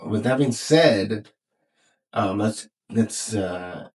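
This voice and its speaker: A husky, low-voiced man co-hosts a podcast in loose casual chat. He rambles and restarts often, with plenty of fillers and casual swearing. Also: very slow, darkish tone, rough recording. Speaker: podcast co-host.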